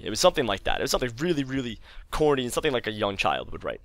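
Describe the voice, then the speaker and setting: A young man casually telling a funny childhood story for his video channel, voicing himself and his mother with big jumps in pitch. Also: wildly swooping pitch, very fast, creaky, a bit bright, no room sound.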